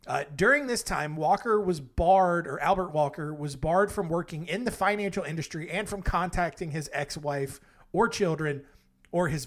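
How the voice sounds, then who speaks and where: A man hosts a comedic storytelling podcast with a fairly high voice. He talks in a rambling, casual way, breaking off for jokey asides and correcting himself as he goes. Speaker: podcast host.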